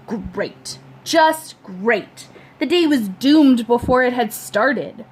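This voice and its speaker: A woman teacher reads a novel aloud with lively, expressive delivery. Her voice sits fairly high. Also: takes it slowly, breathy edge. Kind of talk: storybook read-aloud.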